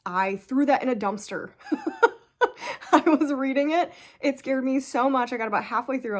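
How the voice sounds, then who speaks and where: A woman in her thirties chatting casually about books, emphatic, laughing often and full of "like". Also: mid-range voice. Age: 30s. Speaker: book reviewer. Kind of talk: casual book review vlog.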